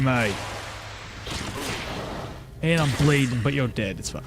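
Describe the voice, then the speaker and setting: A man's voice: mid-range voice, lively intonation, slow, over music. A man streaming a video game, chatting casually, thinking aloud and answering his chat as he plays. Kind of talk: live gameplay commentary.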